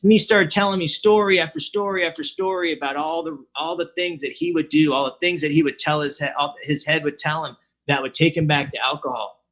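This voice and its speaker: A man with a slightly higher voice talks through his recovery story over a video call, chatty and loose. He acts out both sides of old conversations and keeps saying "you know". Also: steady tone, fairly quick, fairly bright tone. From California. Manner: chatty, acts out quoted dialogue, says "you know" a lot. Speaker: recovery meeting speaker. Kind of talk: personal recovery story, casual. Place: online meeting, at home. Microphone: computer mic on a video call.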